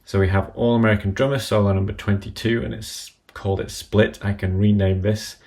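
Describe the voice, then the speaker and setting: Gravelly low-voiced man walking through software steps. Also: fairly even intonation, a little fast. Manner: methodical step-by-step instruction. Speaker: app tutorial presenter. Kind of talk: screen-recorded software tutorial.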